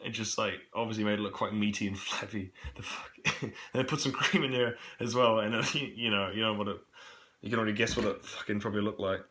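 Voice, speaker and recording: Bright-voiced young New Zealand man vlogging. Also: fairly low pitch, fairly even intonation, quick pace, a little hiss or hum. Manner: rambling, swears a lot, many fillers. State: coughing, coming down with a cold. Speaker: camp worker vlogging. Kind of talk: casual rambling vlog monologue.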